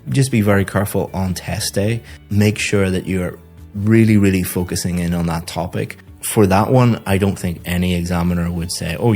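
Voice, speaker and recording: A man with a very low voice works through a student's speaking test point by point. He stays calm and methodical and often repeats a word while he finds the next one. Soft music plays underneath. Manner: calm, methodical, repeats words when thinking. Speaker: IELTS teacher giving feedback. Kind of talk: speaking test feedback and course promo.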